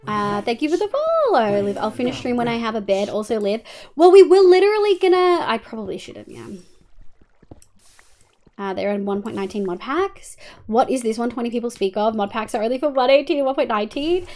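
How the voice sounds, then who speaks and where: A woman's voice: fairly high pitch, animated, brisk. A woman with an Australian accent, casually streaming a game and chatting with viewers, rambling with lots of ums and muttering while she builds. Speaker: livestreamer.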